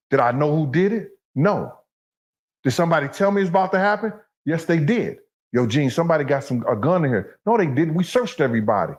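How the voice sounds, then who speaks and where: New guy telling street stories in an interview, keeps going "you understand?". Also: fairly high pitch. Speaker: interview guest. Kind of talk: storytelling in an interview clip.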